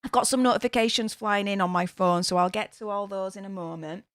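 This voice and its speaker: A woman's voice: mid-range voice, steady tone, a little fast, fairly bright tone, dry recording, clean studio sound. A young adult woman with a Yorkshire accent, chatting blunt and casual on a livestream, reading out fan messages and swearing freely. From Yorkshire, England. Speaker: YouTube livestream host. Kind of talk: casual livestream chat reading super chats.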